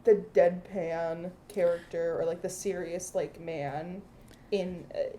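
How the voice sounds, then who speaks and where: A woman's voice: fairly low pitch, steady tone, takes it slowly, warm tone, a little hiss or hum. A woman co-hosting a tabletop gaming podcast, chatting casually and encouraging her friend. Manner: encouraging, supportive backchannel. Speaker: podcast co-host. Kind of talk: casual chat.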